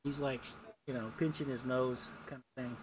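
A man's voice: medium pitch, fairly even intonation, moderate pace, slight background noise. A man co-hosting a casual podcast, recapping a comic in a rambling way and acting out the characters' lines in a raised voice. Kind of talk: casual chat.

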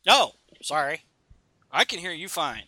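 A man's voice: on the high side, sing-song, measured pace, bright, forceful tone. A man casually recapping a comic on a remote podcast call, rambling with many fillers and reading lines aloud. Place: home.

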